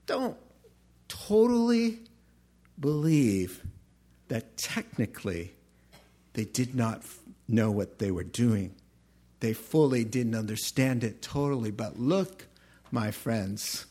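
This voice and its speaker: A man preaching a sermon, emphatic, swinging between loud exclamations and quiet asides. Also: medium pitch, takes it slowly. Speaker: pastor.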